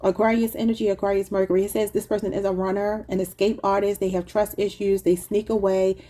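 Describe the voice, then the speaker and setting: A woman gives a casual tarot reading to camera, speaking directly to her viewers in a loose, chatty, conversational style and laughing at her own remarks. Her mid-range voice is mellow and slightly husky, with little pitch movement, and she talks fast.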